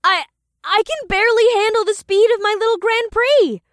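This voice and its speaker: A man putting on a nervous young redheaded woman in a storybook, her voice pushed very high and thin. She stammers and hesitates, slow and timid, and the recording is dry and close. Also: fairly bright tone, no echo. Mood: panicked.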